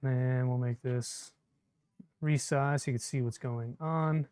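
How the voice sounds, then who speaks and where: A man's voice: medium pitch, fairly even intonation, measured pace, a little mellow, clean tone, dry recording. A man chatting casually on a live stream while he assembles a 3D printer, answering viewer comments as he works. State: a bit shaky from caffeine.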